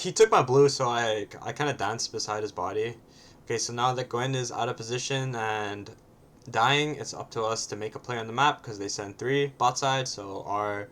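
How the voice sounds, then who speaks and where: A man's voice: mid-range voice, fairly bright tone. A man casually commenting on his own match, often ending points with a questioning "right?" and sometimes swearing bluntly.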